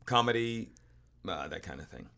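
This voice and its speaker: A man hosting a casual interview chat, enthusiastic and joking, quick to laugh. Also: deep voice, expressive, vocal fry, bright, forceful tone. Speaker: podcast host.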